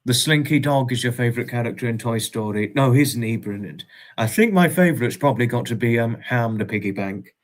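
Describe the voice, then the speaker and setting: A man's voice: mid-range voice, fairly quick. Affectionate man chatting with viewers. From United Kingdom. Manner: affectionate, greets viewers as darling, chuckles often. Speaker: livestream host. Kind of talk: casual chat reading out viewer comments.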